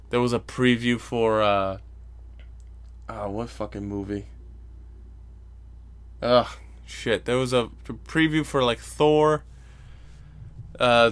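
Profane ranting man on a podcast. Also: mid-range voice. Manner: profane, ranting, mocks others in loud voices. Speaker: podcast host. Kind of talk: casual solo podcast rant.

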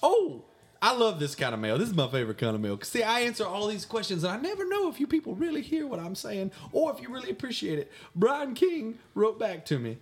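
A man's voice: sing-song, quick pace. A man, co-hosting a comedy show and answering listener mail in a mock-pompous voice. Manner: mock-pompous, swings between high squeaks and low mutters. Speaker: podcast co-host answering fan mail in character.

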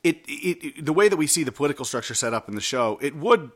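A man's voice: fairly high pitch, animated, fast talker, a bit bright. A man co-hosting a casual TV recap chat, talking in a loose, profane and analytical way with many fillers.

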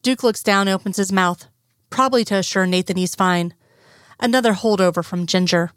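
A woman narrating a fan fiction story in a steady, even storytelling manner. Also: mid-range voice, clean tone, no echo, clean studio sound. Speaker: audiobook narrator.

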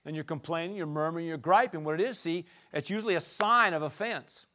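A man preaching a sermon in an animated, playful way, swinging from soft asides to shouting. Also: a little high, a little fast. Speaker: pastor.

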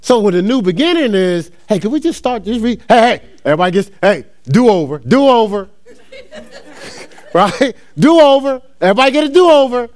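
At a moderate pace, a middle-aged man from New Jersey preaches in a high, expressive voice. He frames the sermon as a laid-back personal story, laughing repeatedly and calling the crowd y'all.

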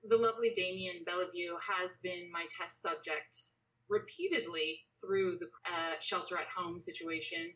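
A woman's voice: fairly low pitch, moderate pace. Chatty woman podcast host, a bit distant. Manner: chatty, animated, lots of fillers. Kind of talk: casual interview over a call.

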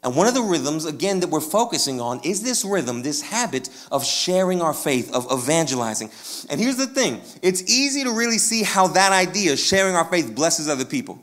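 A man preaching a sermon in a loose, conversational way, with casual slang and lively swings in energy. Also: fairly high pitch, moderate pace. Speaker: pastor.

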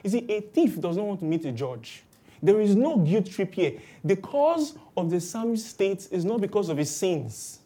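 A woman preaching a sermon, lively and acting out the voices of people she quotes. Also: mid-range voice, moderate pace, breathy edge. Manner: animated, acts out quoted voices with exclamations.

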